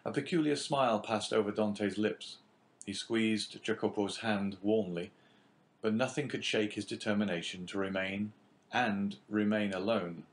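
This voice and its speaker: Brief: male audiobook narrator, low voice, measured steady reading. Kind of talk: classic novel audiobook narration.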